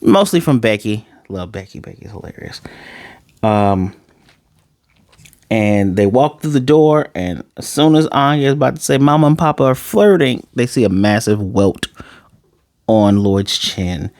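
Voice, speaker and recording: Man, low voice, dry close sound, casual anime review, joking asides. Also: expressive, a little mellow, no room sound. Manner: chatty, joking asides, paraphrases scenes in quick quoted voices. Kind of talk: casual spoken episode recap.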